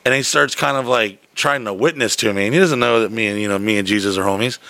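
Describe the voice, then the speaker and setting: A man's voice: lowish voice, fast, sharp tone, no room sound. A man telling a long story in casual chat, profane and rambling, acting out the people in it.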